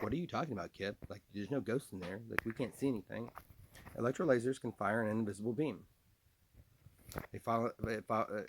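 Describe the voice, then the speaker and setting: A man with a low, gravelly voice talks in a long, rambling monologue. He speaks in an accusatory way and refers to himself in the third person. There is a faint hiss under the recording. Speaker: vlogger. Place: trailer home.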